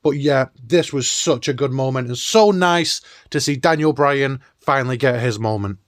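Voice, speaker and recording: A man's voice: medium pitch, moderate pace. A man hosting a nostalgic countdown video in an enthusiastic, chatty way. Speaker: host.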